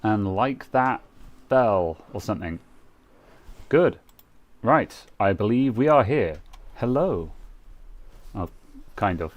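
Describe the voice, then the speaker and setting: A man's voice: lowish voice, expressive, takes it slowly, long pauses, highs cut off. A young British man co-hosting a casual tech chat, rambling with lots of fillers and restarts. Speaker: co-host.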